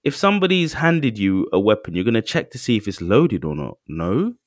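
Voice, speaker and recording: Casual podcast co-host, low and lively, dry close sound. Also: male voice, brisk, dry recording. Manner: animated, excitable, acts out quotes. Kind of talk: casual chat.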